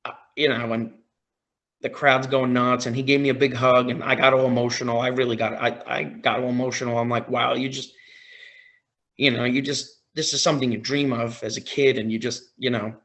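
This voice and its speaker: A man on a podcast as a guest, telling a story in a casual, excited way, often quoting his own reactions. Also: medium pitch, fairly quick. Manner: excited, retelling with quoted reactions.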